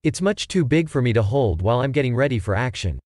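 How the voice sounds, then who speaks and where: A man's voice: medium pitch, animated, quick pace, darkish tone, dry recording, clean studio sound, close to an everyday voice. A man voicing an earnest, long-winded male baby photographer in a read-aloud joke, talking matter-of-factly like a salesman.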